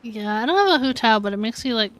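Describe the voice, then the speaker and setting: A woman's voice: a little high, expressive, fast talker, a bit bright. A young woman streaming a video game, chatty and full of "like". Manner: chatty, lots of "like". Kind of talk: casual game commentary.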